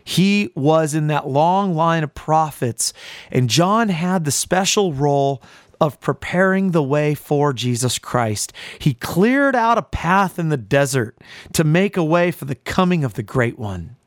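A man's voice: on the high side, expressive, a little slow, no room sound, studio quality. A man preaching a sermon in a fiery, emphatic way, with sudden rises in force.

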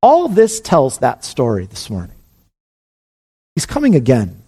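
A pastor preaching an earnest sermon, his voice climbing high on emphatic calls. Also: wildly swooping pitch, a little slow, warm tone, breathy edge.

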